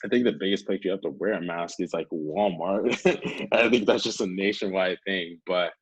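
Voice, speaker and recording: A man's voice: low-pitched, moderate pace, breathy edge, no echo, rough recording. A young man from North Carolina, a guest telling stories casually, rambling and peppered with filler words. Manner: rambling, peppered with 'like', acts out quotes. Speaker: guest, pro hockey player. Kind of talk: casual storytelling.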